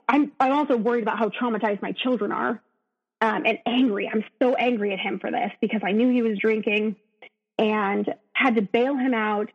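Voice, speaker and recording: A woman telling her own story as a podcast guest, earnest and emotional, often breaking off and restarting. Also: fairly high pitch. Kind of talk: candid personal storytelling in an interview. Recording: dull, lo-fi sound.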